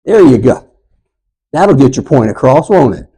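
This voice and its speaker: A man in his sixties teaching a church Bible class, telling stories and getting loud and animated when he acts out quotes. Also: mid-range voice, measured pace, breathy edge, poor audio. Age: 60s.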